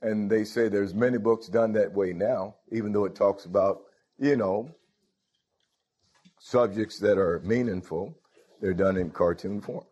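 Recorded muffled, this preacher has a mellow, slightly rough voice on the low side and speaks a little slowly. Mid-sermon he calls out "Hallelujah" and "Thank you, Lord," addressing questions straight to the congregation.

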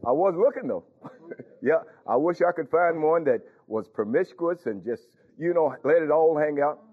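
A man's voice: fairly high pitch, lively intonation, normal speed. A man preaching a sermon in a conversational way, often asking the congregation if they follow him. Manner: conversational, questioning the congregation, chuckling. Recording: tinny phone-like recording.

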